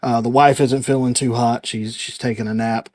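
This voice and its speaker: Animated young man, dry close sound. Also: medium pitch, normal speed, no echo. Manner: animated storyteller, repeats words as he talks. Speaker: podcast guest. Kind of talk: casual podcast chat.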